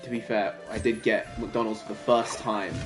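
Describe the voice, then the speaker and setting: A man's voice: fairly low pitch, steady tone, normal speed. A man chatting casually while streaming a game, rambling and self-deprecating, saying he is worn out. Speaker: gaming livestreamer. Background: game music.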